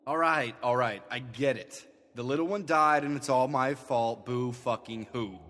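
A man's voice: medium pitch, a little slow, a bit bright, big-room sound, lightly acted. An actor playing a brash, foul-mouthed, selfish male miser who curses and mocks constantly. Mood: sarcastic. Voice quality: crude, cursing, sarcastic. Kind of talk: comedy audio parody.

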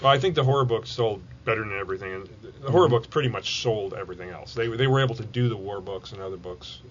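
A man's voice: on the low side, quick pace, dull audio, noisy background. A man co-hosting a podcast in casual chat, correcting facts as he goes. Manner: chatty, corrects facts, animated. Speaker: podcast co-host.

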